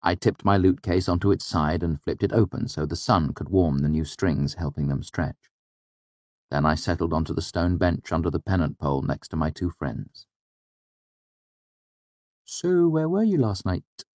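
Brief: man, audiobook narrator, very low voice, dry studio sound. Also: fairly even intonation, normal speed, a little mellow, dry recording. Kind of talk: scripted narration.

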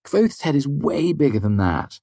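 A man reading an audiobook puts on a boyish young student who teases his friends and rattles easily. The voice climbs high above the reader's own deep tone and sits close and dry in the ear, with quick jittery energy. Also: big pitch swings, warm tone, slightly rough, no room sound, heavily acted. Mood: teasing. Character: nervous boyish young male student, teasing. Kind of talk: audiobook character voice.

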